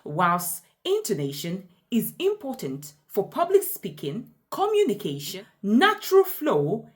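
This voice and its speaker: Slow, lively-voiced woman teaching pronunciation. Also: mid-range voice. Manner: deliberate, emphatic example sentences. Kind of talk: slow explanatory lesson.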